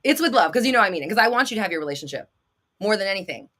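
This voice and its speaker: A woman coaching her live-stream audience on manifesting, blunt and sassy and full of swearing. Her voice is bright and forceful, and she sometimes bursts into a shout before laughing it off. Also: mid-range voice, very animated, rapid-fire. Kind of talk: live-stream advice talk.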